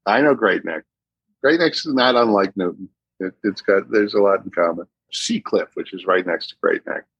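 A man's voice: low-pitched, normal speed, slightly rough, dry recording, dull audio. A middle-aged man from Massachusetts with a Boston accent, telling stories in a casual podcast chat. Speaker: guest actor.

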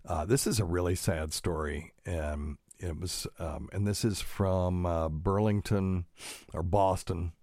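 A man's voice: low voice, fairly even intonation, a little slow, a little mellow, dry recording, clean studio sound. A man talking casually to his audience, reading news and digressing with many fillers.

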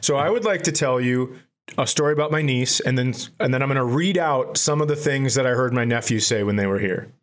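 A man's voice: mid-range voice, brisk. A man co-hosting a podcast, telling comic stories in a casual, profane way and laughing at his own punchlines. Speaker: podcast co-host. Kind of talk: casual comedic storytelling.

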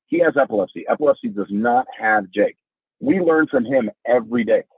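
A man's voice: huge pitch swings, brisk, no room sound. A middle-aged man, a podcast guest, telling about family life with earnest, emphatic storytelling. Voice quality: husky. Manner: earnest, emphatic storytelling, rising pitch when moved. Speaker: podcast guest, father of a son with epilepsy. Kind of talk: podcast conversation. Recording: dry phone-like remote line.

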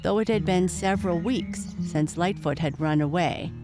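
A woman narrating a storybook in a calm, measured reading voice. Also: lowish voice, music in the background.

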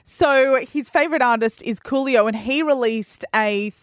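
Woman co-host, storytelling chat, fairly high pitch, dry close sound. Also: moderate pace, no echo. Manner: chatty storytelling. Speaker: podcast co-host. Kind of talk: casual radio chat.

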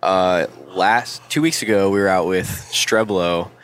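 A man with a very deep voice, relishing the jokes and laughing along in easy podcast talk. A faint room ambience sits behind him. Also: a little slow, fairly bright tone, slight background noise. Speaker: podcast co-host. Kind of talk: casual chat.

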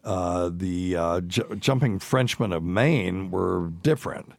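A man's voice: sits low, takes it slowly, vocal fry, dry recording. A man co-hosting a podcast in casual chat, laughing often and reading clips aloud. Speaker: podcast co-host.

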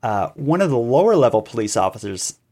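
A man, a podcast guest in an interview, telling events at length and acting out quoted voices. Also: fairly quick. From Canada. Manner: animated storytelling, acting out quoted calls with rising pitch. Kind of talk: conversational interview.

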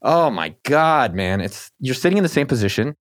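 A man hosting a casual podcast conversation, talking in a quick, animated, self-deprecating way. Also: mid-range voice, dry recording, clean studio sound. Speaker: podcast host and author.

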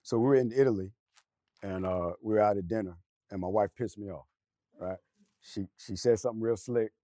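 A man's voice: fairly low pitch, a little fast, mellow, dry recording. A middle-aged man on a discussion panel, candidly telling a personal story and acting out what was said. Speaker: panel guest.

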